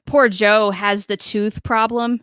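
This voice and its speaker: Bright-voiced female podcast co-host. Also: medium pitch, flat delivery, takes it slowly, clear, resonant tone, dry recording. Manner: gushing, playful. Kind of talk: casual fan discussion.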